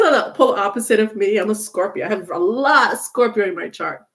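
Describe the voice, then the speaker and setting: A woman's voice: medium pitch, expressive, a little fast. Chatty, blunt tarot reader woman. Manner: chatty and blunt, curses freely, laughs often. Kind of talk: casual live-stream tarot reading.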